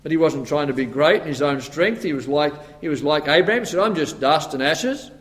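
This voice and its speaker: A man's voice: a little high, animated, fairly quick. A man preaching a sermon, acting out the voices of Moses and God with stammers and asides. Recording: long hall reverb.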